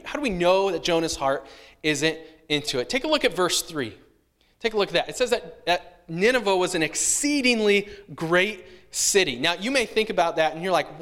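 Male pastor, lively storyteller mid-sermon, slightly high voice, big reverberant hall sound. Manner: animated storytelling, acts out childhood voices.

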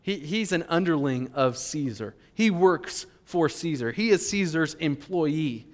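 A male pastor preaching a sermon in an animated, emphatic way. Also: a little high, a little slow. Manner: animated, emphatic, with fillers and restarts. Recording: long hall reverb.

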